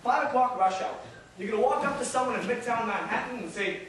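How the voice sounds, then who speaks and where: An actor playing a restless, witty out-of-work New York man in a stage monologue, rambling and animated, mimicking passers-by. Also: extremely high pitch, fast. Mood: playful. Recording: echoey room from far off, noisy.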